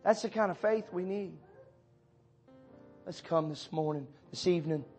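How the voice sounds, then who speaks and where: A pastor preaching a sermon in church, speaking directly to members of his congregation, his delivery swinging from loud urging to hushed tones. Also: high voice, a little slow, soft background music. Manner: addresses listeners by name as brother and sister.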